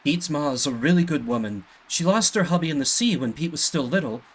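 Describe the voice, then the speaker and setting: A man voicing a gossiping villager in a video game, talking fast and softly. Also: on the high side, animated, husky, rough recording. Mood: gossipy.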